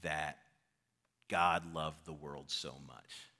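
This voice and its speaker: Bright-voiced man preaching conversationally. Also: rumbling low, steady tone, slow, vocal fry. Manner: conversational storytelling preaching, informal. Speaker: pastor. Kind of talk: sermon.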